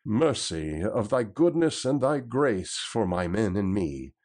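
Bold, hearty outlaw leader, read by a man, low voice, unhurried emphatic delivery. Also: very animated, a little mellow, full character voice. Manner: raised, emphatic old-style speech.

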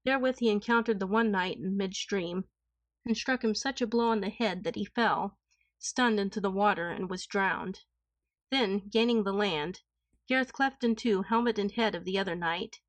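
A woman narrating an old knightly tale in a steady, even storybook reading. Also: medium pitch, moderate pace, no room sound.

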